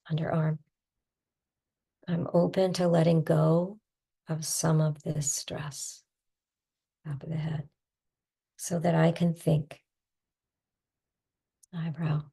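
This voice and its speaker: A woman stress coach leading a guided tapping session, soft-spoken and soothing, calling out tapping points between gentle affirmations. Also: deep voice. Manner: soft-spoken, calm and soothing, breathy sighs.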